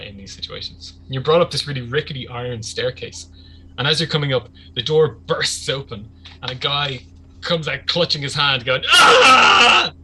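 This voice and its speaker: Male game master, bright, sharp tone, chatty vivid narration, faint hum. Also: mid-range voice, rough recording.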